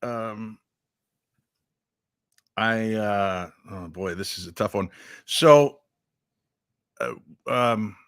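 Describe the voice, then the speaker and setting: A man as a radio guest, recounting a personal experience in a halting way with many fillers. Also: lowish voice, smooth, dry recording, clean studio sound. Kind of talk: radio interview storytelling.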